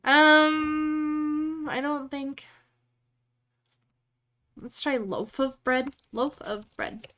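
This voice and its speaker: A woman's voice: high voice, little pitch movement, extremely slow, pauses often, a bit bright. A woman chatting casually on a live stream, rambling and thinking aloud as she works.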